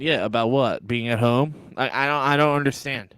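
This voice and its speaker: A man's voice: mid-range voice, a little fast, fairly bright tone, smooth, dry recording. A man co-hosting a sports podcast in casual, profane chat with a Philadelphia accent, often breaking into laughter. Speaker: podcast co-host.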